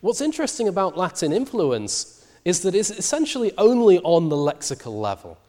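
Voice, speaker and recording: A man giving a university lecture in a lively, animated way, with frequent ums and uhs. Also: sits high, a little fast. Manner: lively, many fillers. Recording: long hall reverb.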